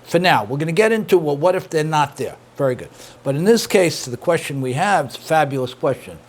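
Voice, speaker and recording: A man's voice: fairly high pitch, lively intonation, fairly quick. A middle-aged man, a rabbi teaching an interactive class, who repeats his points and praises his students' answers.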